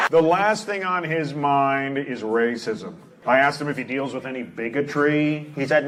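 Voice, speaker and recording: A man doing a stand-up routine and teasing the audience, delivering punchlines deadpan on a comedy club stage with a handheld mic. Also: medium pitch, takes it slowly, very noisy. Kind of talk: stand-up routine with crowd work. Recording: roomy club with loud audience laughter.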